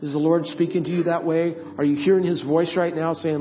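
A pastor preaching a sermon and then leading a prayer, earnest, moving from telling a story to softly pleading. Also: male voice, fairly high pitch, level tone, brisk, dull audio, soft background music. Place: church sanctuary.

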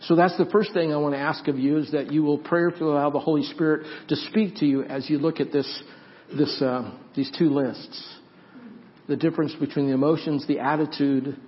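A man preaching and then praying aloud, earnest, with halting restarts that grow louder as he prays. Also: a little high. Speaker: pastor. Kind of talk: sermon closing into prayer. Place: church sanctuary. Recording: dull lo-fi church recording, faint music.

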